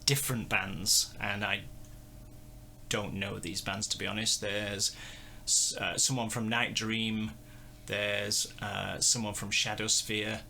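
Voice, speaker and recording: A man hosts a casual music review, rambling and poking fun at himself. His voice sits a little low with a gravelly fry. The tone stays bright and forward. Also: flat delivery, takes it slowly, a little hiss or hum. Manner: rambling, self-deprecating, chuckling. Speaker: host.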